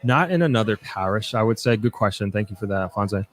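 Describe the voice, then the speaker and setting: A man's voice: fairly low pitch, expressive, fast talker. A young man hosting a live stream, reading viewer comments aloud and answering them in a loose, chatty way with many restarts and fillers. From New York, United States. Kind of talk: casual live chat.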